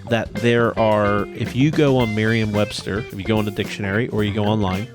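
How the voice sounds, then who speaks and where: A man's voice: fairly low pitch, fairly even intonation, a little fast, over music. A man co-hosting a church recap show, talking casually in a loose, rambling way and correcting himself as he goes. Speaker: co-host.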